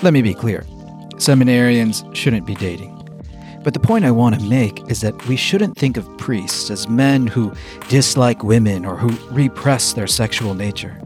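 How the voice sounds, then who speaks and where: A male host with an ordinary mid-range voice delivers scripted narration. He explains things in a measured, teaching way. Music plays clearly underneath him. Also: mid-range voice, lively intonation, a little mellow. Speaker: podcast host. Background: background music.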